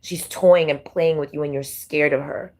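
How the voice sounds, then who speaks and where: A woman's voice: low voice, fairly even intonation, moderate pace, darkish tone. A woman doing a tarot reading who rambles in a casual, repetitive way and leans heavily on fillers. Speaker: tarot reader.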